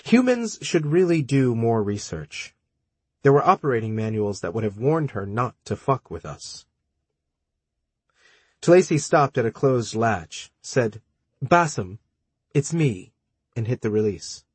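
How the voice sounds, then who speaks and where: A man narrating a story in the first person, measured and dry, with terse dialogue. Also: medium pitch, big pitch swings, a little mellow, slightly rough, dry recording. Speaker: audiobook narrator.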